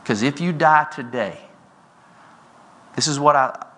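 Bright-voiced man in his forties giving a keynote. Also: a little slow. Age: 40s. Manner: energetic storytelling, often rising in pitch and volume. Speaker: keynote speaker. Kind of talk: motivational keynote speech. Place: conference stage before an audience.

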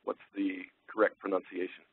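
A man presenting a technical webinar, relaxed and full of ums and uhs as he thinks aloud. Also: deep voice, brisk, breathy edge, no room sound. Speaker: webinar presenter, sales engineer. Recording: tinny phone-line audio.

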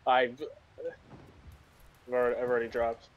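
A man chatting over a voice call while gaming with a friend, teasing her in a dry, deadpan way. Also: mid-range voice, moderate pace, phone-quality sound.

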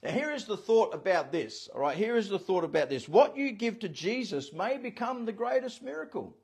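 A man's voice: sits high, big pitch swings, normal speed, vocal fry, a little mellow, breathy edge. A man, preaching as a pastor with emphasis and repeating his key phrases. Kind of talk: sermon.

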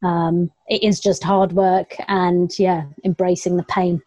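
A woman's voice: lowish voice, little pitch movement, a little slow, darkish tone, no room sound. A young adult woman, a long-distance runner, chatting casually in an interview, laughing often and quoting herself. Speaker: ultrarunner guest.

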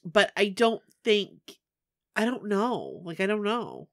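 A woman's voice: mid-range voice, wildly swooping pitch, slow, no echo, studio quality. A woman co-hosting a fan podcast, chatting in an enthusiastic way full of fillers. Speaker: podcast co-host. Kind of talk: casual chat.

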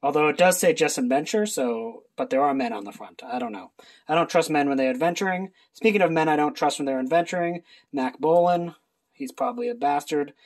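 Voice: medium pitch, lively intonation, brisk. Sarcastic booktuber, rambling casual haul, swears freely. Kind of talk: casual book haul video.

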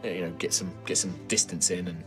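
A man's voice: deep voice, level tone, a little fast, over music, voice pushed down, natural voice. A man doing a middle-aged male sergeant, nervous and rambling, lots of stammered fillers. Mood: reassuring.

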